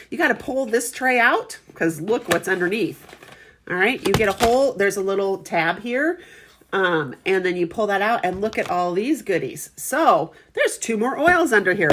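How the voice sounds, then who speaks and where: A woman's voice: medium pitch, noisy background. A middle-aged woman giving a casual product demonstration, chatty and friendly, often checking in with her viewers.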